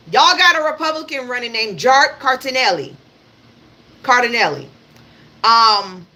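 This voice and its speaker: Brief: woman livestream host, high and bright, blunt and emphatic political rant, repeats herself, swears, speaks straight to viewers. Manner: addresses her audience directly. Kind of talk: live political commentary rant.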